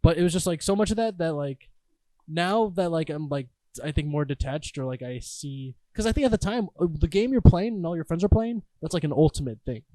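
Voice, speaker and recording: A young man co-hosting a gaming podcast, chatting in an animated way. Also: fairly high pitch, a little fast, no echo. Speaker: podcast co-host. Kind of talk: casual chat.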